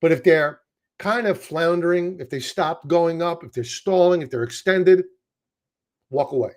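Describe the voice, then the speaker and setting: A man's voice: fairly high pitch, moderate pace. A man with a Brooklyn accent giving casual, chatty stock market commentary, joking at his own expense. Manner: chatty, self-deprecating, wordy restarts. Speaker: market analyst.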